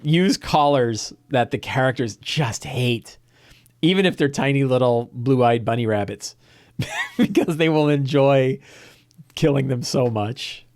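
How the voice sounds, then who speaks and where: A man's voice: mid-range voice, a little slow, darkish tone. A man, the host and game master, casually retelling a tabletop session with laughter and frequent restarts. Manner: rambling, laughing, many fillers and restarts.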